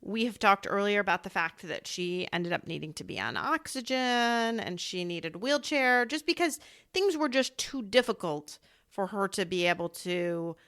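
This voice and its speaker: A woman's voice: mid-range voice, sing-song, moderate pace. A woman hosting a podcast interview, listening closely and guiding the talk. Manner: warm listener, frequent soft affirmations. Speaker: podcast host.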